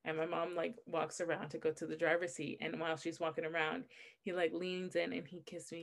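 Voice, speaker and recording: A woman's voice: deep voice, flat delivery, brisk, vocal fry. A young adult woman co-hosting a podcast, telling a long personal story in casual chat and laughing often. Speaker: podcast co-host.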